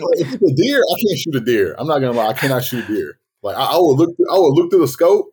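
A man co-hosting a podcast, telling a story in casual chat, lively and swearing as he acts out quotes. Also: medium pitch, quick pace, hardly any pauses, a little hiss or hum. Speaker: podcast co-host.

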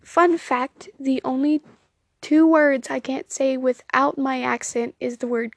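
Recording her amateur podcast into a phone, this young Southern US woman rambles through a casual solo chat, giggling, poking fun at herself, and filling gaps with plenty of ums. She has a high, gravelly voice with a level tone and measured pace, and the sound is clean studio quality without echo.

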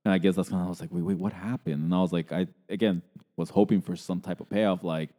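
Low, dark male voice, hesitant podcast co-host, long reverb. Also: steady tone. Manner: halting, many restarts and hedges. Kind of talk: casual movie review chat.

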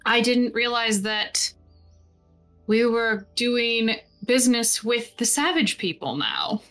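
A woman's voice: a little high, slow, a bit bright, soft background music. A woman voicing a haughty, prejudiced nobleman who talks stiffly and with disdain. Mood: disdainful.

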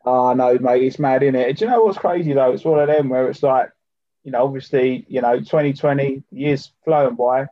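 A man's voice: mid-range voice, brisk. Guy, chatty podcast co-host, dull lo-fi call sound, dry, no room echo. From United Kingdom. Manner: chatty, full of fillers and "do you know what I mean". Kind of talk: casual chat.

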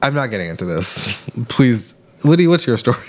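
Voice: medium pitch, very animated, brisk, darkish tone. A podcast co-host bantering with friends in a sarcastic, self-deprecating way. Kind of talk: casual chat among friends.

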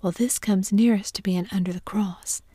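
A woman whispers in a breathy, hushed voice as she plays a bold, bossy boy who is eager and brimming with schemes, her mood urgent. Her mellow, soft, natural voice sits at a medium pitch with a steady tone and moderate pace. The recording is close and dry, with no echo or sense of room.

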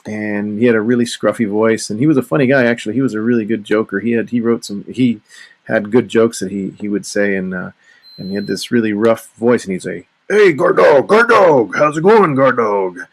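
A man's voice: on the low side, steady tone, brisk, darkish tone. A man hosting a casual solo podcast, talking in a rambling way with frequent restarts. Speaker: podcast host.

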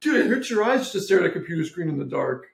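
A man's voice: high voice, very animated, fast. A man co-hosting a podcast, bantering bluntly and crudely. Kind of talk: casual chat. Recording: echoey room with clear background noise.

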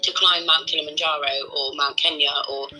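A woman's voice: low-pitched, fairly even intonation, a little fast, over loud music, low-quality recording. A woman co-hosting a casual podcast, rambling playfully and swearing freely as she chats. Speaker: podcast co-host. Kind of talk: casual chat. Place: Devon, England.

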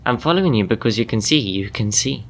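A man's voice: mid-range voice, animated, quick pace. A man voicing a tall, shadow-faced male creature in a top hat who whispers and echoes the ends of his own sentences. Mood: whispery.

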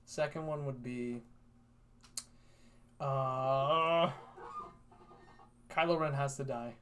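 A man's voice: medium pitch, steady tone, very slow, fairly bright tone, slight background noise. A young man co-hosting a podcast, chatting casually with joking, teasing banter. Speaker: podcast co-host. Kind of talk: casual chat.

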